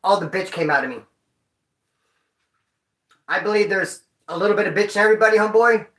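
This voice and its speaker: A man's voice: sits high, brisk, fairly bright tone. Rambling, profane man in an echoey room. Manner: rambling, profane street slang. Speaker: vlogger. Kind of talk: casual storytelling to viewers.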